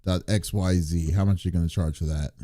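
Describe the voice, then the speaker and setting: A man's voice: low-pitched, fairly even intonation, fast talker, background noise. A man hosting a casual gaming podcast, rambling and restarting as he looks things up online. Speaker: podcast host. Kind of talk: casual chat.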